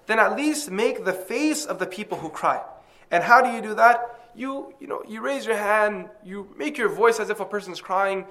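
A man's voice: high-pitched, sharp tone. A man preaching a religious lecture to an audience, emphatic and impassioned, with Arabic quotations worked into his talk.

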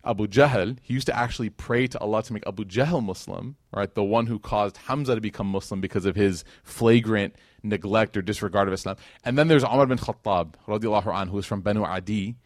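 A man's voice: on the low side, fairly quick, hardly any pauses, no room sound, clean studio sound. A man giving a casual religious lecture, telling a story in a conversational way with many fillers and acted-out quotes. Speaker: speaker teaching Islamic history.

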